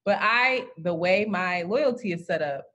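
A woman co-hosting a podcast in casual chat, blunt and animated, swearing freely and going off on asides. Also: fairly low pitch, measured pace, lo-fi sound. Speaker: podcast co-host.

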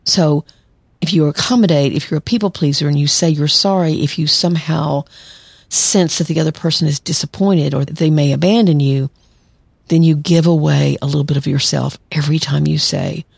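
A woman's voice: low voice, fairly even intonation, brisk, vocal fry, darkish tone, slightly rough, no echo. A woman therapist hosting a solo podcast, talking conversationally and acting out quoted lines. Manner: conversational, acts out quoted lines, laughs lightly. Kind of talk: solo podcast advice talk.

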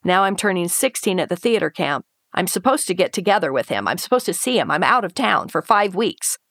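Speaking fairly quickly and very animatedly, a woman with a fairly low, slightly bright voice shares a painful story from her past as an interview guest. She's earnest and emotional, quoting her inner thoughts and performing other people's voices, in clean studio sound with no echo.

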